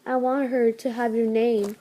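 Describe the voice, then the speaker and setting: A woman voicing an anxious young male cat leader, pleading loudly and with strain. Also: on the high side, little pitch movement, normal speed, slight background noise, close to an everyday voice. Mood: tender.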